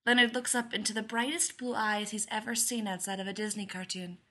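A woman reading a story aloud in a lively, expressive way. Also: medium pitch, fairly quick. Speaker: reader.

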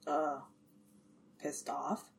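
A woman's voice: low voice, little pitch movement, drawn-out words, vocal fry, voice pushed down, heavily acted. A woman reading a story aloud, voicing a blunt, irritable tough woman who talks curtly. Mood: irritated. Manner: blunt, curt.

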